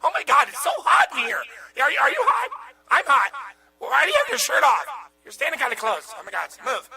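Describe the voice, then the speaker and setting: Guy putting on a greedy bossy deacon, super high squeaky voice, pushy about cash, comedy sketch. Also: wildly swooping pitch, brisk, vocal fry, soft background music, exaggerated voice. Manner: pushy, indignant, loudly demanding money. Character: greedy pompous male church deacon, bossy and rude.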